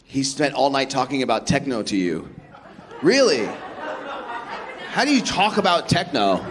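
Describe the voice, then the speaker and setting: A man's voice: medium pitch, very animated, a little slow, background noise. A man doing stand-up crowd work, bantering with the audience and laughing at his own asides. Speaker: stand-up comedian. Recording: echoey hall, loud crowd laughter.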